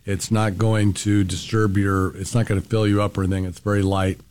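Guest, man, lowish voice, relaxed and explanatory. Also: brisk, a little hiss or hum. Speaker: restaurant owner guest. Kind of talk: casual radio interview.

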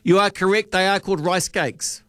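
A man's voice: high-pitched, fairly even intonation, normal speed, a bit bright, no room sound, studio quality. A man with a New Zealand accent hosting a late-night radio talk show, chatting casually and quizzing his callers. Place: radio studio. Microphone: studio microphone.

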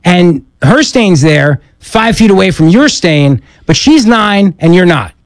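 A middle-aged man hosting a talk radio show, joking and teasing in casual banter. His voice sits a little high for a man and comes across dry and close on the studio mic, with no room sound. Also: expressive, a little slow, no echo. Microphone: studio microphone.

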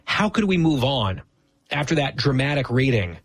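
A man's voice: medium pitch, sing-song, moderate pace, slightly rough, no echo. A man co-hosting a show, teasing his co-host with dry sarcasm in casual banter. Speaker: podcast co-host.

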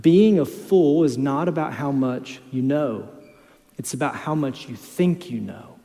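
A man's voice: mid-range voice, measured pace, creaky. Emphatic male pastor in a reverberant hall. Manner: emphatic preaching, swings between quiet storytelling and loud exhortation. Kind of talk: sermon.

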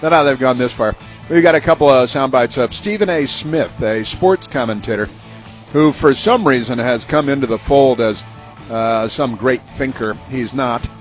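A man's voice: medium pitch, normal speed, faint music behind. A man hosting a talk radio show, delivering sarcastic, mocking commentary that rambles with many fillers and restarts.

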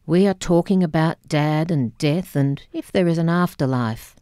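A woman reads a memoir in a calm, measured voice, low and slow. Her tone is warm and mellow, and the studio sound is dry and close. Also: clear, resonant tone, no echo. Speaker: audiobook reader. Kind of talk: audiobook memoir reading. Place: radio studio. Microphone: studio mic.

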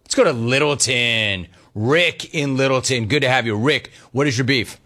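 A man's voice: medium pitch, moderate pace, pushed and bright. Playful male radio host riffing on callers. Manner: playful, teasing, riffs on callers' words. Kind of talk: radio call-in show.

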